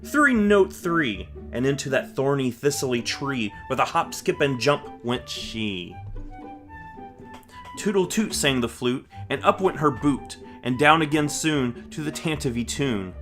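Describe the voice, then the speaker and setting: A man reading a rhyming children's book aloud with a rhythmic, expressive delivery. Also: medium pitch, unhurried, faint music behind. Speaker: storyteller.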